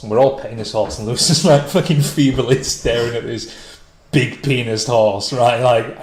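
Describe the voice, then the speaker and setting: A man's voice: mid-range voice, moderate pace, a little mellow. A man, a stand-up comedian, telling a rambling, sweary anecdote with frequent laughter. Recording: echoey room.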